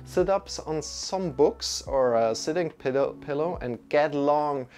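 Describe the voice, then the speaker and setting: A man with a Swiss accent leading a live-streamed yoga and meditation session, giving calm instructions and chatting with viewers in between. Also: a little high, a little slow. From Switzerland. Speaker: yoga teacher. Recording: faint music behind voice.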